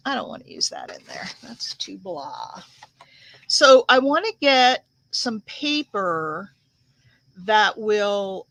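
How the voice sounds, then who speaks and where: A woman's voice: medium pitch, vocal fry, fairly bright tone, dry recording. A woman from the United States hosting a crafting livestream, telling a rambling story in a casual, chatty way with many fillers while she works.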